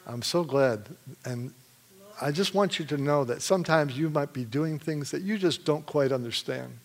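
Male preacher from Michigan, lively storyteller, laughs often, voice sits a touch high. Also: moderate pace. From Michigan, USA. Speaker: preacher giving testimony. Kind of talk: sermon testimony.

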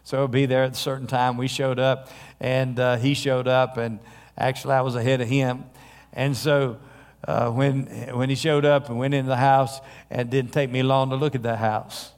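A male pastor preaching a sermon in a church, telling stories in a conversational way with frequent pauses. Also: mid-range voice, level tone. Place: church sanctuary. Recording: long hall reverb.

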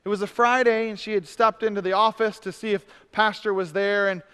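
A man preaching a sermon, swinging from loud, emphatic stretches to soft, drawn-out words. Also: sits high, steady tone, clear, resonant tone. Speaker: pastor. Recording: long hall reverb.

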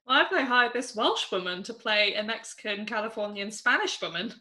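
A woman from England co-hosts a podcast in a relaxed, chatty way, often breaking into laughter. Her voice is bright and forward, sitting at an ordinary pitch for a woman. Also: brisk, slight background noise. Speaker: podcast co-host. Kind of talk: casual podcast chat.

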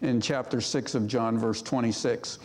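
A man preaching a sermon as pastor, reading scripture aloud with rising emphasis and dropping to a hush for key points. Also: medium pitch, steady tone, moderate pace, big-room sound.

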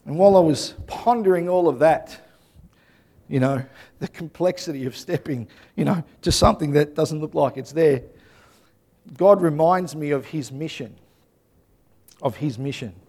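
Telling stories in a lively, chatty way, this man in his thirties or forties preaches as a pastor and keeps tossing in tag questions. He speaks at a moderate pace in a slightly high voice.

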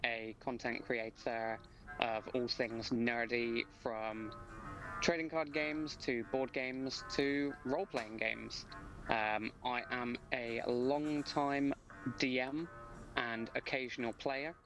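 A man introducing himself as a content creator and player on a tabletop game podcast, in a measured way. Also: medium pitch, fairly even intonation, a bit bright, soft background music.

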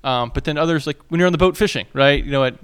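Racing through casual conversation, this podcast co-host, a man in his thirties, has a voice on the high side with a clean, fairly bright tone. He rambles with lots of fillers and restarts as landscaping sounds come from outside.

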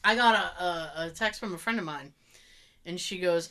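With a mid-range, smooth voice and a sharp tone, this Boston-accented woman from the Boston area speaks briskly as a podcast co-host in casual chat. Telling a story, she acts out quotes and frequently laughs.

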